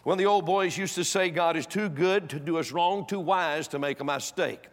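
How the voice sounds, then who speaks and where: Older male preacher, slightly high-pitched, emphatic pulpit delivery, recorded in a long-reverb auditorium. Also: moderate pace. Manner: emphatic, swings from loud exhortation to hushed storytelling. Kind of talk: sermon. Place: church auditorium.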